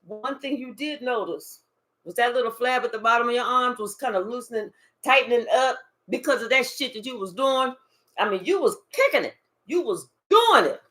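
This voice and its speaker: A woman's voice: a little high, lively intonation, moderate pace, a bit bright. A woman doing a tarot reading to camera, emphatic and profane, talking straight to the viewer and murmuring asides to spirit. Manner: emphatic, swearing, addresses the viewer directly. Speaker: tarot reader. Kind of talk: channeled card reading, casual and profane.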